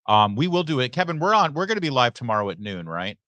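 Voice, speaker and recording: A man's voice: medium pitch, fast talker, no echo, lo-fi sound. A middle-aged man hosting a live election night stream, reading viewer messages in a chatty, joking way with many asides. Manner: chatty, joking asides, lively ups and downs. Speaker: host. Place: election watch party venue.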